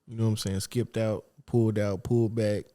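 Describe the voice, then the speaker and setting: A young man co-hosting a podcast in casual chat, relaxed and slangy, repeating himself as he finds his words. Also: on the low side, a little fast. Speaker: podcast co-host.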